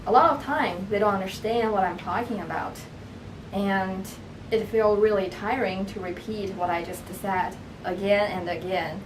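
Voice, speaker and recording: A woman with a Chinese accent, a language student speaking carefully and deliberately in an interview testimonial. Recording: echoey room, mic at a distance, background rumble.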